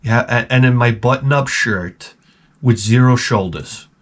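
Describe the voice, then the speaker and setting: Male host, mid-pitched, foul-mouthed comic ramble, hopping from joke to joke. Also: a little slow, fairly bright tone. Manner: profane, swears constantly; rambling, jumps between jokes. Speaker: host of a retro gaming channel. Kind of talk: comedic rambling monologue.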